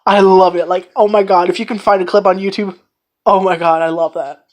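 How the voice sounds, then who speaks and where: A woman giving a casual, rambling anime review, excitedly retelling scenes and swearing freely. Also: medium pitch, fairly quick.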